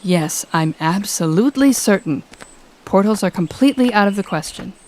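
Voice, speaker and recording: A woman's voice: mid-range voice, lively intonation, normal speed, darkish tone, a little hiss or hum, lightly acted. A woman voicing a cold, sardonic female demon lord who talks in a curt, cutting, sarcastic way in an audio role-play. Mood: grudging.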